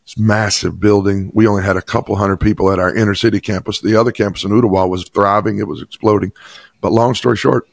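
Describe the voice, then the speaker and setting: A man's voice: fairly low pitch, fairly even intonation, fast talker, creaky, dry recording. A pastor from Chattanooga, a man, telling an emphatic personal testimony in an interview. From Chattanooga, Tennessee. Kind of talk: interview storytelling.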